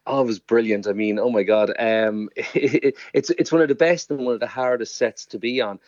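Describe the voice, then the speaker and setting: A man's voice: medium pitch, normal speed, darkish tone, dry recording, highs cut off. A man in his forties with a Waterford Irish accent, chatting as an actor guest on a radio interview. He laughs often, stumbles and repeats words, and pokes fun at himself. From Ireland. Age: 40s. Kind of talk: casual radio interview chat.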